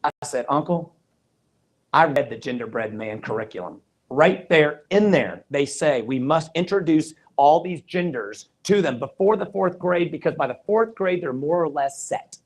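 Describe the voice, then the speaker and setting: Man, slightly high voice, earnest campaign stump speech, emphatic and repetitive, retells conversations. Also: animated, moderate pace. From Georgia, USA. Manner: emphatic, with repeated phrases. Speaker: political candidate.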